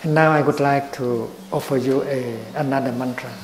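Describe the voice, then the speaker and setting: An older man giving a slow, gentle dharma talk as a Buddhist teacher. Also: mid-range voice, fairly even intonation, slight background noise. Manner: slow and gentle, with long pauses. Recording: roomy echo.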